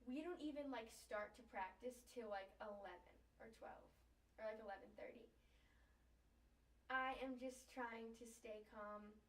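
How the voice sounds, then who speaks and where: Brief: young female athlete guest, chatty and filler-heavy, a bit high, mic set back in a roomy space. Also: unhurried. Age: young adult. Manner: chatty, lots of "like" fillers, emotional. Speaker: guest, Olympic skateboarder. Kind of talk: casual interview storytelling. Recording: echoey room, distant mic, faint noise.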